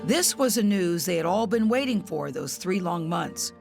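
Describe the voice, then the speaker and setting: A woman correspondent narrating a news report in a measured, solemn way and interviewing family members. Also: on the low side, expressive, gravelly, a little mellow, soft background music.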